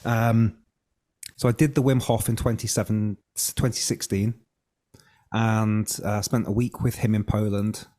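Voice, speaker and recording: A man's voice: on the low side, little pitch movement, unhurried, mellow. A man, a breath coach, telling his story as a podcast guest, candid and casual, sometimes swearing and acting out his own past thoughts.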